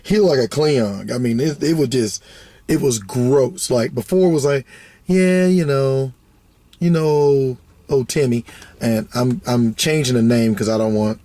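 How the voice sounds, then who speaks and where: A man telling a story casually to camera, rambling and animated, swearing freely and acting out the other people's voices. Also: mid-range voice, no echo. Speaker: vlogger.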